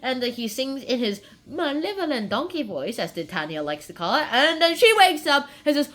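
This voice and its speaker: A woman's voice: high-pitched, big pitch swings, fairly quick, hardly any pauses, a bit bright. A young woman casually summarizing a play in a rambling, chatty way, often correcting herself. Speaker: video host summarizing a play.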